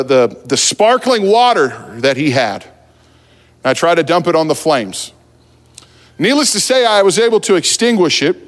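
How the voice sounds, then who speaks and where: A man from New Jersey preaching a sermon, telling a funny story about himself in a relaxed, conversational way from the pulpit. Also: sits high. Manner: humorous, self-deprecating, conversational. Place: church sanctuary at the pulpit. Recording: long church hall reverb.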